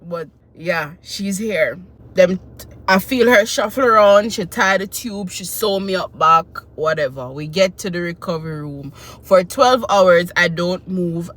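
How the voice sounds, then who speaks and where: A woman, telling a personal story in a casual, animated and emotional way. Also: lowish voice, unhurried. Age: 20s. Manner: animated, emotional retelling with quoted voices. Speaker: vlogger.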